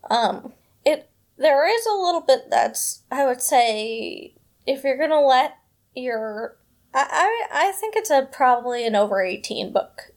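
Brief: woman host, casual chat, rambling with lots of fillers, somewhat high pitch. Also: big pitch swings, measured pace. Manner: rambling, chatty, many fillers. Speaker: podcast host.

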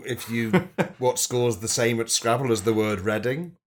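A man co-hosting a comedy podcast, joking with playful wordplay and quick asides. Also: medium pitch. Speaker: podcast co-host.

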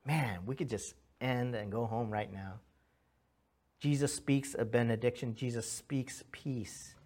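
A man in his thirties preaching a conversational sermon, earnest and animated, telling stories with restarts and asking "right?" along the way. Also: mid-range voice, a little slow. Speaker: pastor.

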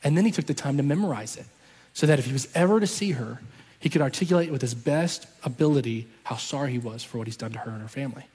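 A man's voice: mid-range voice, fast talker, darkish tone, slightly rough. A man telling a story in a sermon, acting out the voices of the people in it. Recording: long reverb from a large hall.

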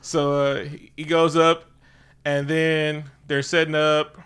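Man, casual recap chat, animated, jokey, sharp crisp voice. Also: fairly high pitch, slow pace. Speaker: podcast co-host.

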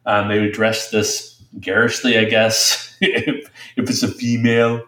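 Low-voiced podcast guy sounding creeped out by a scene, echoey room. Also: little pitch movement, a little slow, fairly bright tone. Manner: reacts with unease, hesitant, imitates sounds. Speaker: podcast co-host. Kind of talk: casual movie discussion. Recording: roomy echo.

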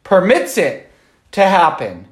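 A man's voice: sits high, wildly swooping pitch, slow pace, roomy sound. A man, a Catholic priest, giving an informal Sunday homily in a conversational way, often checking in with "right?".

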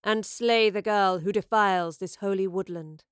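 A woman voicing a scheming woman posing as a goddess, speaking slowly and low in a commanding, intoning way. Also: steady tone, smooth, dry recording, studio quality, natural voice.

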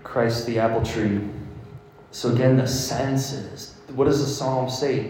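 A priest preaching slowly and emphatically, his voice carrying from a distance through a long, echoing hall. He repeats his phrases for weight and laughs now and then. The sound is roomy and far from the mic. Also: medium pitch, fairly even intonation, darkish tone, slight background noise. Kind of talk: sermon.

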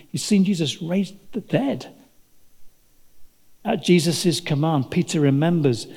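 A man's voice: fairly high pitch, dark tone. A man preaching a sermon, telling the story dramatically and acting out the voices of its characters. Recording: long hall reverb.

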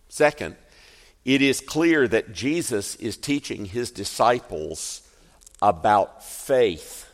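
A male pastor preaching a sermon, telling the story expressively and slowing down for emphasis. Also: lowish voice. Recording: echoey hall reverb.

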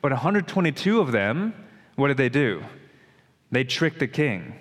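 A man's voice: mid-range voice, very animated, moderate pace. A man preaching a conversational, emphatic sermon and walking through a scripture passage verse by verse. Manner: conversational, emphatic, addresses listeners as guys. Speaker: pastor. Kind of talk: expository sermon. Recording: long hall reverb.

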